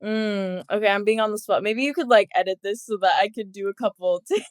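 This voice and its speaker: A woman's voice: mid-range voice, a little fast, clear, resonant tone, no room sound, studio quality. A young woman guest in a casual podcast interview, chatty and giggly. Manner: giggly, chatty, many fillers. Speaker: guest athlete.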